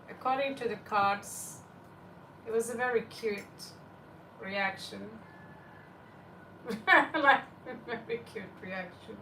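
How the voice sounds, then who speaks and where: A woman's voice: mid-range voice, fairly bright tone, recorded from a distance, slight background noise. Giggly woman tarot reader, echoey room. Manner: giggly, laughs often. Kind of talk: live-stream chat.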